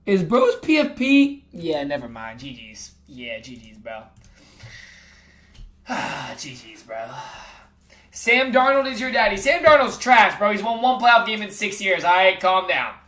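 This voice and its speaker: A man's voice: high-pitched, very animated, moderate pace, pushed and bright. Brash trash-talking streamer guy, roomy sound. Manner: brash trash-talking, calls everyone bro. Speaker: sports livestreamer. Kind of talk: casual live chat with viewers.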